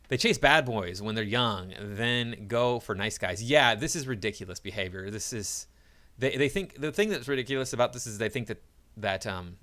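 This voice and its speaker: A man's voice: on the low side, a bit bright. A man reads items from a list aloud and comments on each in an opinionated way, chuckling often between remarks. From United States.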